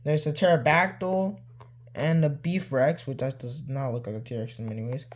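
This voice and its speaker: Man, collector vlogger, mid pitch, casual, rambling, filler-heavy. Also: fairly even intonation, normal speed, slight background noise. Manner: rambling, full of "like" and "you know"; loose and easygoing. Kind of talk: casual show-and-tell.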